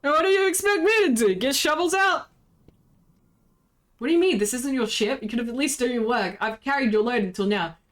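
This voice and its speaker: A streamer voicing a drunken, mocking ship captain in a raised, theatrical voice while reading a narrative game aloud. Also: female voice, a little high, fast talker, hardly any pauses, lightly acted. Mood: indignant.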